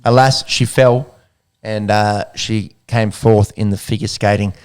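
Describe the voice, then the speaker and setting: A man's voice: fairly low pitch, steady tone, measured pace, a little mellow, clean tone. An Australian man co-hosting a sports podcast in casual, joking chat, with a loose swearing delivery. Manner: banter, swearing, laughing. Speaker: podcast co-host.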